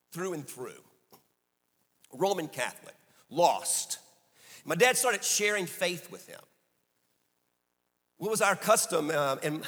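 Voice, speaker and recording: A middle-aged man preaching a sermon as a story, swinging from hushed passages to emphatic peaks. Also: fairly high pitch. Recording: echoey hall.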